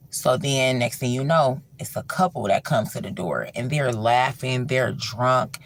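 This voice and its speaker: A livestream host telling a horror story in loose, colloquial talk, full of fillers, dropping low and soft for suspense. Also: a little slow, few pauses, a little hiss or hum. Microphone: livestream mic.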